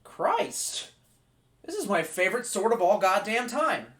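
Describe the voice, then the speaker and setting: Drunk man, live streamer, swearing, lively swooping pitch, rambling chat reading. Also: fairly quick, breathy edge. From United States. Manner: profane, rambling, mock-angry outbursts.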